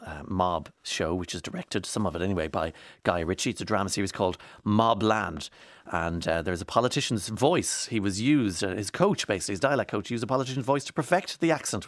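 A man's voice: mid-range voice, no room sound, studio quality. A man giving chatty, digressive commentary on the news as a presenter, with many fillers. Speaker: radio presenter.

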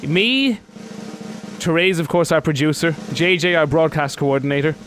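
A man's voice: a little high, normal speed, music in the background. A man hosting a radio show, teasing his co-host with mock-dramatic banter.

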